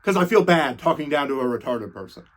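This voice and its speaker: A man voicing an exasperated Jesus who rants and swears in loud disbelief. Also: medium pitch, expressive, quick pace, lightly acted. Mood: scornful rant. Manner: loud incredulous ranting, swearing. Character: exasperated Jesus, young man, scornful and fed up.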